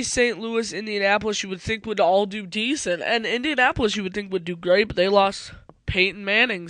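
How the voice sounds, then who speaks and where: A man's voice: high voice, a bit bright, no room sound. A tired man giving casual sports prediction commentary, rambling, correcting himself and swearing offhand. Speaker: video host.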